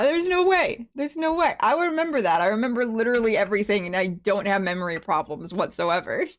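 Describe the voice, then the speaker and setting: A woman streaming a story game from her home computer, chatting casually, laughing often and swearing freely. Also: fairly high pitch. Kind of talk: casual live-stream commentary.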